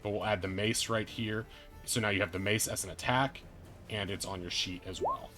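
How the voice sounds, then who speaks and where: A man's voice: lowish voice, wildly swooping pitch, moderate pace, pushed and bright, soft background music. A man running a tabletop game as game master, chatty and playful, narrating with casual fillers.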